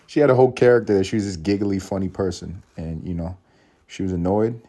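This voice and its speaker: A man's voice: deep voice, big pitch swings, measured pace, long pauses, a little mellow. A man in his thirties from East Harlem with a New York accent, hosting a solo podcast in a profane, rambling way and laughing at his own jokes. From East Harlem, New York City. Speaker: podcast host.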